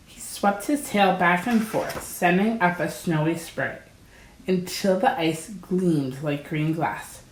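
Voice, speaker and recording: Slow, gentle woman reading a storybook aloud. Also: on the low side, slight background noise. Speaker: storybook reader. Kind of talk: children's story read-aloud. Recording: roomy echo.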